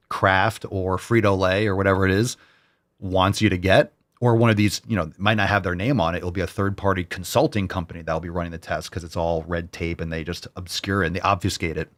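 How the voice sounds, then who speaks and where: Heated, profane man ranting. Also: low-pitched. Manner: repeats phrases for emphasis. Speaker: podcast host. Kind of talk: solo ranting commentary.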